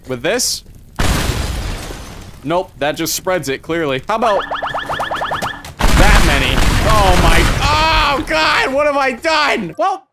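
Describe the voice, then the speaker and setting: A man recording gameplay commentary, excitable, yelling and ranting at objects in the game, with sarcastic self-talk. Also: on the high side, slight background noise. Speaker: gaming video host. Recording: loud game sounds and mouse clicks behind.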